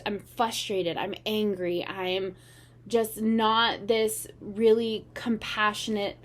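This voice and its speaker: Slow, meandering woman reading tarot. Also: medium pitch. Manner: meandering, earnest, slow and unhurried. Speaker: tarot reader. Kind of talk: casual spiritual reading.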